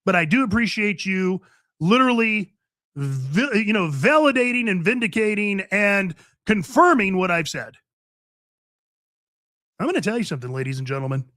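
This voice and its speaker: Brief: fired-up male radio host, high-pitched and animated, opinionated studio monologue. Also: normal speed, no echo. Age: older. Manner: fired-up, emphatic, repeats points. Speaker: radio talk show host. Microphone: studio microphone.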